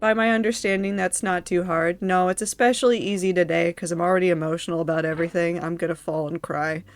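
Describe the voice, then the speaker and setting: A woman's voice: fairly low pitch, steady tone, quick pace, no echo. A woman streaming a game and chatting with her viewers, emotional and laughing through tears. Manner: emotional, tearful and laughing, talks to chat. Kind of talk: casual live-stream commentary.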